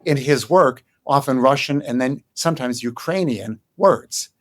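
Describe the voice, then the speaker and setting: An older man from Chicago, a guest scholar in an interview, explaining in a thoughtful way with frequent ums and pauses. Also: medium pitch, animated. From Chicago, United States. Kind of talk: conversational interview.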